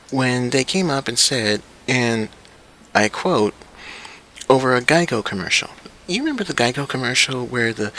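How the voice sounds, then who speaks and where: A man's voice: mid-range voice, sharp tone. A young man hosting his own vlog, talking in a casual, profane and incredulous rant. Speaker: vlog host.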